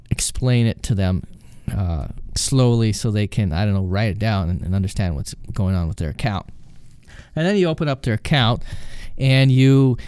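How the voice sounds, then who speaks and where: A man's voice: mid-range voice, darkish tone, clear, resonant tone, dry recording. A Canadian man hosting a podcast, casually telling call-centre stories and acting out the quoted phone calls. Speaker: podcast host and former call-centre agent. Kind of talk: casual storytelling.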